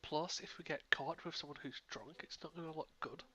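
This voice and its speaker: A man's voice: a little high, fairly quick, bright, forceful tone, husky, no room sound, faint music behind. A man playing a tabletop role-playing game in casual, joking play. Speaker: player.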